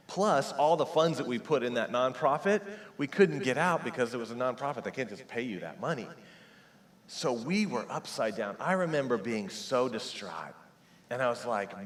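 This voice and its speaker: Pastor preaching in a reverberant hall. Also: male voice, fairly low pitch, fairly bright tone. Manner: personal storytelling, acts out quoted prayers and dialogue. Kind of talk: sermon. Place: church sanctuary.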